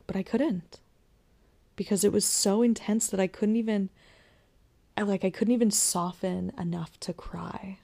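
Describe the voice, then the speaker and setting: Young woman podcasting, telling her own story real candid, lots of vocal fry, whispers sometimes. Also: mid-range voice, a little slow. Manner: candid and reflective, with soft laughs and whispered asides. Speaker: podcast host sharing her birth story. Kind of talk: personal storytelling monologue.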